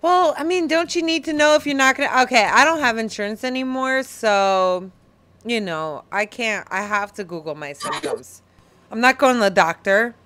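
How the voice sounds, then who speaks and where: A woman co-hosting a podcast, chatting casually and telling stories in a blunt, animated way. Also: on the high side, normal speed. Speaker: podcast co-host. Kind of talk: casual chat.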